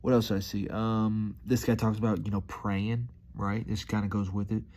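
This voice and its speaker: A relaxed man muses out loud in a loose, rambling way, tossing in dude and man. His voice sits low and mellow. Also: normal speed. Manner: laid-back, rambling, says dude and man a lot. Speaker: vlogger. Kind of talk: casual reflective monologue.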